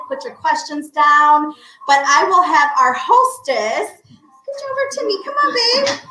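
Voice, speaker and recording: Excited woman host, kinda out of breath, bright high voice. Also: slight background noise. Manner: excited, effusive. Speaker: event host and author. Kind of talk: live-streamed event hosting. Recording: echoey room with faint music.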